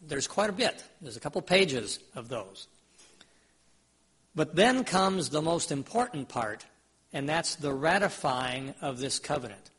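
A man with a slightly high, husky voice preaches a relaxed, conversational sermon. He retells scripture in plain everyday words and often turns to his listeners with questions. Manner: conversational, asks the audience questions.

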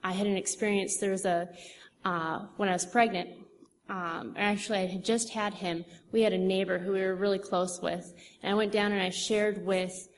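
A woman's voice: medium pitch, fairly even intonation, normal speed. A young woman telling a church audience about her witnessing, chatty and rambling with many fillers and restarts. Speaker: church speaker. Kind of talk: testimony talk. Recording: long hall reverb, faint noise.

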